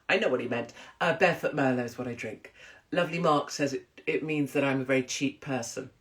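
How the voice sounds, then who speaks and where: A woman's voice: rumbling low, a little fast. A woman in a casual monologue, telling blunt, profane, rambling stories. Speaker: commentator.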